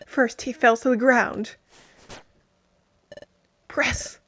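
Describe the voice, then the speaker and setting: A woman's voice: a little high, drawn-out words. A woman hosting a let's play, reading garbled game text aloud and joking about it. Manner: playful, joking, reads garbled lines deadpan.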